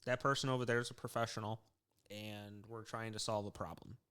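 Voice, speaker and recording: A man in easygoing podcast chat, rambling through a story from his social work days. He keeps restarting, fills gaps with "like" and "um", and clears his throat often, while his tone rises and dips freely. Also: on the low side, flat delivery, brisk, bright, forceful tone. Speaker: podcast co-host; former social worker.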